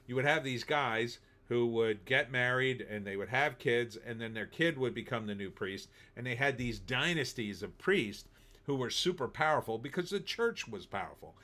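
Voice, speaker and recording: A middle-aged man from New Jersey hosts a casual live stream, reading chat messages aloud and answering them in a sarcastic, off-the-cuff way. His voice is bright and forceful, and he sits at an ordinary middle pitch for a man. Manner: chatty, sarcastic, reads chat comments aloud. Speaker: livestream host reading viewer chat.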